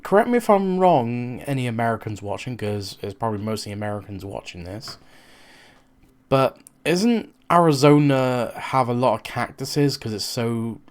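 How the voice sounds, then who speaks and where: A man casually reacting to a video, thinking aloud and asking viewers to correct him. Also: medium pitch.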